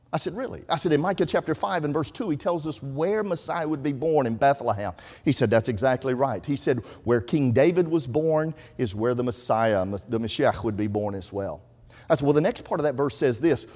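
A man's voice: medium pitch, expressive, brisk, a little mellow, breathy edge. A man preaching a sermon, telling folksy stories and quoting scripture. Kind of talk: sermon storytelling. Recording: reverberant hall.

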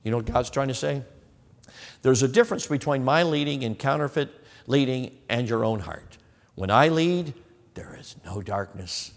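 A man's voice: medium pitch, big-room sound. A man preaching a sermon, acting out the questions of imagined listeners as he goes.

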